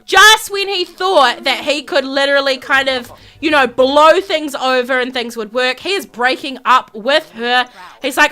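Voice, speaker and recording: Hardly pausing, a young woman with a high-pitched, bright, forceful voice narrates a life-sim game at a measured pace. It's excited let's-play commentary for a gaming video: dramatic gasps, constant repetition, and acted-out spats between characters.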